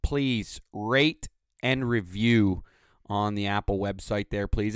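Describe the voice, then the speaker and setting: A man's voice: fairly low pitch, slow, clean tone, dry recording. A man hosting his own podcast, ranting with sarcasm and lots of swearing. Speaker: podcast host. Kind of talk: solo podcast rant.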